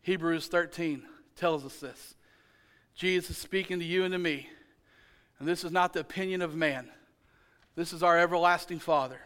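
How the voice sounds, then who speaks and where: A male pastor with a drawl preaches in a church, his voice high for a man and notably smooth and resonant. He mixes scripture with a homey family story, repeating key words and tossing in quick jokes. The delivery is conversational but driven by the rhythm of the pulpit. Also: a bit bright. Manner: storytelling with call-and-response, humorous asides. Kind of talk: sermon. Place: church sanctuary.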